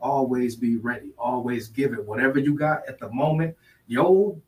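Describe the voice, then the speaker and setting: A man's voice: medium pitch, moderate pace, darkish tone, recorded from a distance, low-quality recording. A man speaking as a podcast guest in a preachy, motivational way, repeating his sayings. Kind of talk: casual podcast talk.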